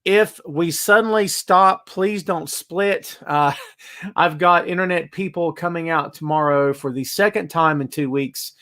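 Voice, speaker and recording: Speaking a little slowly, a man with a high-leaning, slightly bright voice hosts a live-streamed wrestling podcast. He chats casually from a home room containing a bass amp and names viewers as he greets them.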